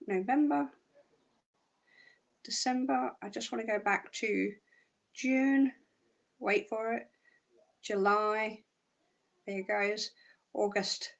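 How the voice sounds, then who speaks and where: A woman hosts live psychic readings in a high, bright voice. She is chatty and excitable. She rambles happily through fillers and restarts. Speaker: psychic reader.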